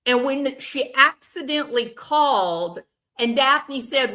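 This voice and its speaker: A woman's voice: high voice, expressive, unhurried, pushed and bright. An older woman hosting a casual commentary, giving her opinion in a plain-spoken, emphatic way. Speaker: commentary channel host.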